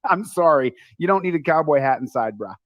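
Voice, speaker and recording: A man ranting excitably as an online streamer, mocking and fast to laugh. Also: no room sound, highs cut off. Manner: mocking, excitable, jumps into high squeaky voices. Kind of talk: animated streamer rant.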